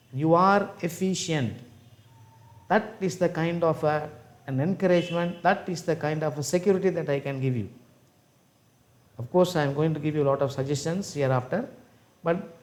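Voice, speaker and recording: A man teaches pronunciation in an unhurried, drawn-out way. His voice sits a little high for a man, and he repeats every word as a drill, calling his learners "my dears.". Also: a little mellow. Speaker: English teacher. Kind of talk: pronunciation lesson.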